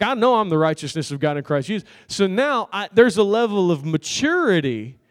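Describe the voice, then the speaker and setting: A man preaching a sermon, telling a story in a loose, conversational way and calling out to the congregation for an amen. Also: sits high. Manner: conversational storytelling with laughs and crowd call-outs. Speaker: pastor.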